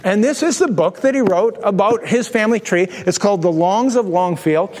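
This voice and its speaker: A man preaching as pastor, telling a humorous story with animated delivery. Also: sits high, moderate pace, in a large hall. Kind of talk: storytelling sermon.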